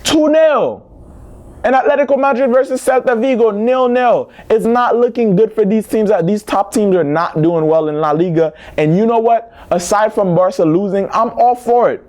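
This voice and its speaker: A man hosting a football news vlog, talking to viewers in a lively, slangy, casual way. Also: sits high, normal speed, hardly any pauses. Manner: animated, slangy, talks straight to viewers.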